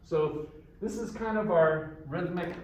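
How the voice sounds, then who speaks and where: A guitar teacher runs a group rhythm class, counting the beats out loud and cheering his students on. His voice is high, unhurried and a little mellow, picked up by a distant mic in a roomy space with music playing.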